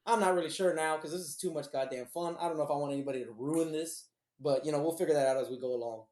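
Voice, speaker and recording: A man's voice: on the high side, fast talker, a little mellow. A man hosting a podcast in casual chat, laughing often, joking and swearing freely. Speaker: podcast host. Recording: roomy echo.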